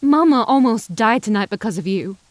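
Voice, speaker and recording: Headstrong, distraught young frontier woman, read by a woman, high, pleading and emotional, dry sound. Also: quick pace, no echo, close to an everyday voice.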